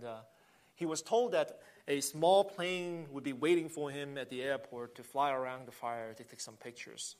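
A man preaching a sermon, earnest, swelling with emphasis and often restarting phrases. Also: medium pitch. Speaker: pastor.

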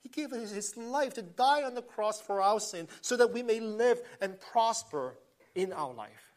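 A man's voice: high-pitched, lively intonation, a little slow. A man preaching a sermon, earnest, swelling with emphasis and often restarting phrases. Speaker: pastor.

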